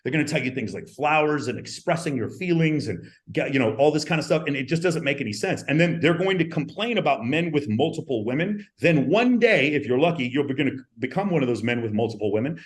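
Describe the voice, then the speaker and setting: A man's voice: fairly high pitch, lively intonation, quick pace, hardly any pauses. A man hosting a podcast, talking emphatically to his viewers, repeating his points and swearing. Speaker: podcast host. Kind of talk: animated podcast monologue to viewers.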